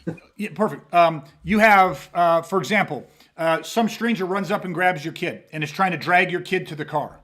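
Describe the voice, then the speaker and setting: High-voiced blunt self-defense podcast host. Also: male voice, moderate pace, fairly bright tone. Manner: blunt, emphatic, heavy swearing, acts out scenarios. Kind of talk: casual podcast talk.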